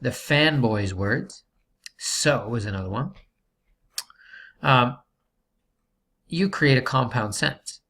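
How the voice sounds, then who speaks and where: A man's voice: mid-range voice, lively intonation, slow, creaky, pauses often, fairly bright tone. Patient male teacher explaining grammar. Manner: patient, explains step by step with frequent "okay". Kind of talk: classroom grammar lesson.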